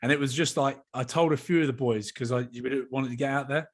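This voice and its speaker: A young man co-hosts a casual podcast chat. He tells anecdotes animatedly and slips in the voices of the people he is talking about. His voice sits at an ordinary mid pitch. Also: steady tone, fast talker. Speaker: podcast co-host.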